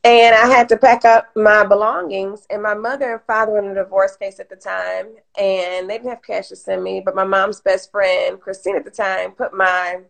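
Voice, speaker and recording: A woman's voice: medium pitch, normal speed, creaky, few pauses. A woman from Detroit, a guest on an interview show, telling her story casually and animatedly, acting out what others said. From Detroit, Michigan. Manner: animated, acts out quoted voices. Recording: IG Live stream audio.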